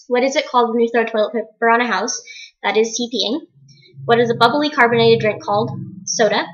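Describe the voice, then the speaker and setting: A woman from Washington State doing a casual accent-challenge video, reading word lists and answering questions unhurriedly with many "um" pauses. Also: fairly high pitch, steady tone, fairly bright tone, muffled recording. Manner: plain, unhurried, with frequent "um" pauses. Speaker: vlogger.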